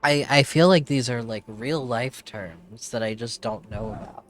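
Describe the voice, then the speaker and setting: A man's voice: medium pitch, a little slow. A man giving casual let's-play commentary with wry, profane asides. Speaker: game streamer.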